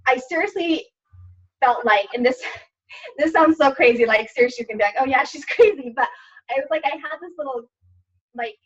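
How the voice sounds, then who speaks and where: A woman's voice: on the high side, fairly bright tone. Chatty woman on dull distant webinar audio. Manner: chatty, many fillers and restarts. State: tearful at times. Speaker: fitness coach. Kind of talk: casual testimonial chat. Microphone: webinar recording.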